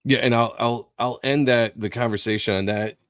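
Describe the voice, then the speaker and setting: A man's voice: medium pitch, steady tone, normal speed, a bit bright, dry recording, clean studio sound. A man hosting a live stream, chatting in a laid-back way and tripping over his words now and then. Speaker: host. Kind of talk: casual chat.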